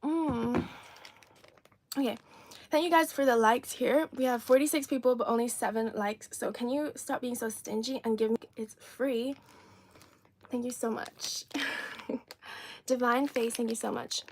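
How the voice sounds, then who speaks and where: Chatty, bright-voiced woman streaming live. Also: fairly high pitch, steady tone, moderate pace, pauses often. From China. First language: Cantonese. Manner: chatty and rambling, answering chat comments. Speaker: livestream host. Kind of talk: casual livestream chat, taste-testing snacks.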